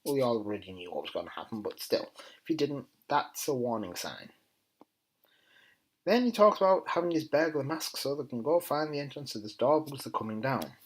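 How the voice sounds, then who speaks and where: Husky, lively man chatting. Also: medium pitch, moderate pace, low-quality recording. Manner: chatty and enthusiastic, with quiet muttered asides. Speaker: TV episode reviewer. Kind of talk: casual spoken review.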